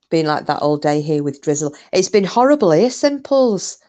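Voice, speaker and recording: A woman's voice: deep voice, sing-song, moderate pace, dark tone. A woman hosting a casual live chat, laughing often and swearing casually. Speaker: live stream host. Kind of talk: casual chat reading viewer comments. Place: home, windy day.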